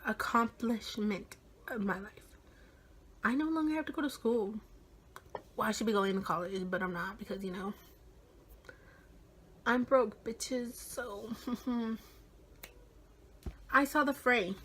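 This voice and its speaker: Young woman vlogger, 18, excited storytelling with heavy swearing and whispered asides. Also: a little high, unhurried, pauses often, a little hiss or hum. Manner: animated, swears a lot, drops into whispers. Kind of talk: casual storytime vlog.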